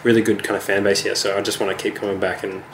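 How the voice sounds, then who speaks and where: A man with an Australian accent answers interview questions in a relaxed, unhurried way. His voice sits a little low. The recording has a roomy echo and a faint hum of ambience behind him. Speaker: touring musician, guest.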